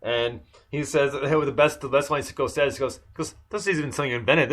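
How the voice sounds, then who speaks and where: A man's voice: medium pitch, fairly even intonation, quick pace, few pauses, a bit bright. A man on a podcast chatting casually through an episode recap, full of fillers and restarts. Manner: rambling, many fillers and restarts. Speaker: podcast co-host.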